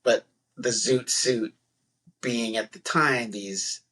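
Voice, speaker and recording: A man hosting a casual podcast interview, reflective and relaxed, with many "um" and "uh" fillers. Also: medium pitch, slow, slightly rough, poor audio. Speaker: podcast host.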